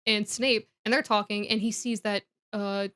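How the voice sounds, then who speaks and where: A woman's voice: mid-range voice, level tone, normal speed, fairly bright tone. A woman co-hosting a podcast, giving a casual comedic recap in a giggly, rambling way. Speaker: podcast co-host.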